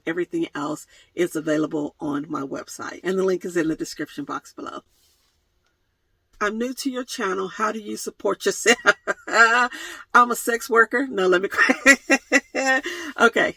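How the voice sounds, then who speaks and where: A woman's voice: lowish voice, creaky, a bit bright, breathy edge, no room sound, poor audio. A woman vlogger answering viewer questions in a casual chat, playful and laughing often, with mock-dramatic jokes, filmed on a phone camera. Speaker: van life vlogger. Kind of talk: casual Q&A vlog.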